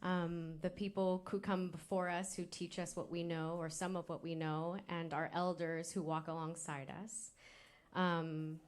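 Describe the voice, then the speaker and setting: A woman hosting a live storytelling event, introducing speakers in a loose, rambling way with many pauses and fillers. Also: lowish voice, little pitch movement, clear, resonant tone. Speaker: event host.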